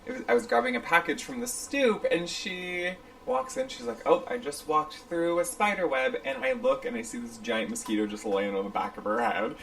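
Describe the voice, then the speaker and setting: A woman's voice: on the low side, big pitch swings, a little fast, creaky, hardly any pauses, fairly bright tone. A woman co-hosting a casual podcast, sassy and teasing, tossing out playful swears. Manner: sassy, calls people "bitch" playfully. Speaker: podcast co-host. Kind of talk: casual chat. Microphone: studio microphone.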